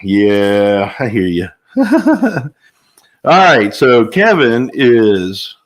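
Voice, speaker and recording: Greeting viewers by name one at a time, an older livestream host keeps things casual and chatty in a medium-pitched voice. He speaks extremely slowly, yet still lets out sudden whoops of excitement between names.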